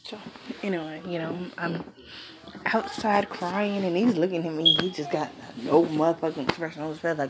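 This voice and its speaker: A woman's voice: lowish voice, steady tone, moderate pace. Young woman's frank, profane story, noisy. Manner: frank and profane, trailing fillers. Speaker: vlogger. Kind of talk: casual storytelling to camera. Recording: noisy background hiss.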